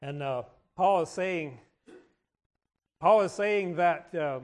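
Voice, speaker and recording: A man preaching a sermon in a church service, often restarting and repeating his words and clearing his throat. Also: a little high, slow.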